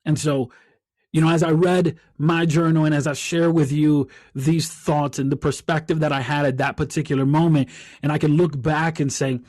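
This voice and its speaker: Male podcast host and coach, heartfelt reflective talk, a bit high-pitched, dry booth sound. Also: fairly even intonation, normal speed, a little mellow, no echo. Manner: earnest, heartfelt, repeats words as he thinks.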